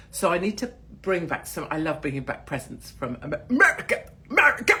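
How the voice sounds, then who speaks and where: A woman in her forties with an English accent, ranting to camera in a blunt, profane and mocking casual monologue. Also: sits low. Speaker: channel host. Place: in Miami.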